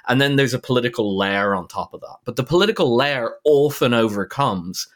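A man co-hosting a casual current-affairs podcast, talking in an animated, incredulous way with frequent restarts. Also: medium pitch, fairly quick. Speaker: podcast co-host.

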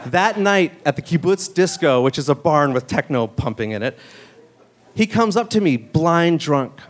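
A man telling a true story on stage, conversational and full of "like" fillers and quick asides. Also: a little high, lively intonation. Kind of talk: live storytelling.

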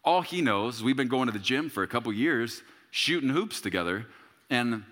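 Male pastor, 30s, sermon, animated pitch, reverberant church hall. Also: moderate pace. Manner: storytelling with humor and sudden loud shouts.

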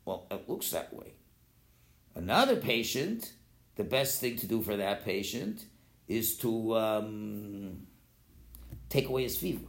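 A man leads an informal Torah philosophy class, his pitch rising and falling a lot as he acts out quoted voices. He restarts sentences often and sounds casual. The room gives his voice a clear echo. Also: animated, unhurried. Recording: roomy echo.

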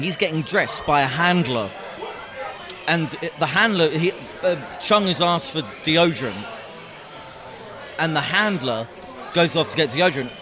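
A man hosts a loose podcast chat and tells his stories with energy, acting out what people said to him. His voice sits a little high for a man. Loud crowd chatter from a busy pub fills the background. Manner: animated storyteller, acts out quotes. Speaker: podcast host.

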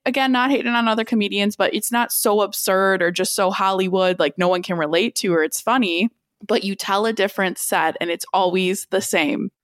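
A woman hosting a podcast interview who talks warmly and effusively, heaping praise on her guest. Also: medium pitch, fairly even intonation, brisk, no echo, clean studio sound. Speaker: podcast host. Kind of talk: casual interview chat.

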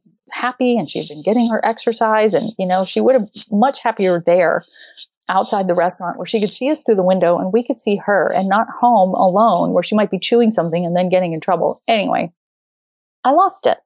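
A middle-aged woman talks straight to the listener in a relaxed monologue, spinning a personal story with lively energy. She slips into the voices of the people she quotes. Her voice sits in the middle range and sounds close and dry, with no room around it. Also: mid-range voice, no room sound. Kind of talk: conversational monologue.

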